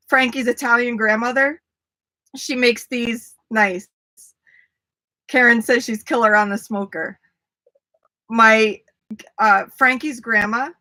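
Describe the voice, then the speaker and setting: A woman's voice: a little high, sharp tone. A woman hosting a casual livestream, chatty, talking to viewers by name and laughing easily. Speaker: livestream host. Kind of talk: casual live chat with viewers.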